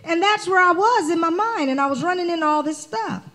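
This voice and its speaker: A woman spiritual director preaching a sermon, telling a personal story in an animated, conversational way. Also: extremely high pitch, a little fast.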